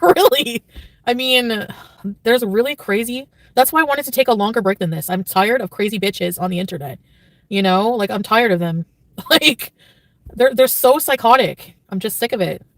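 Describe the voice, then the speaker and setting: A woman's voice: on the high side, expressive, moderate pace, dry recording, recorded from a distance. A woman livestreamer chatting casually and reading her chat, rambling with constant filler words and turning blunt and profane. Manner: blunt and profane when annoyed.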